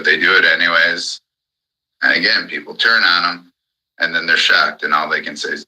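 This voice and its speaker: A man's voice: low voice, steady tone, moderate pace, sharp tone, breathy edge, low-quality recording. A man in an angry, profane ranting monologue on a live audio chat, hammering the same points again and again. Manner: furious, profane, repetitive.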